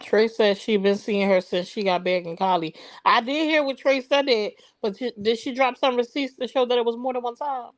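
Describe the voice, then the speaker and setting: A woman's voice: fairly high pitch, moderate pace, few pauses, no echo. Curious woman in casual chat.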